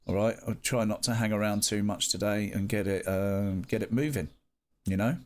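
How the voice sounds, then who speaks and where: A man chatting casually with viewers on a live stream, playful and animated, breaking into sing-song greetings. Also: lowish voice, moderate pace.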